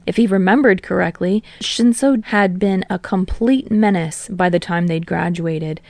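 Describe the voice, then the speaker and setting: A woman reading fan fiction aloud in steady storytelling narration. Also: lowish voice, unhurried, no echo. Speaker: podfic reader.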